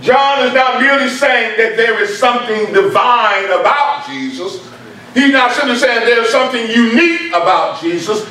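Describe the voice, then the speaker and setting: A man's voice: extremely high pitch, moderate pace, sharp tone. A man preaching a sermon, emphatic and repeating key points for stress, heard in a church. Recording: very echoey room, mic far off.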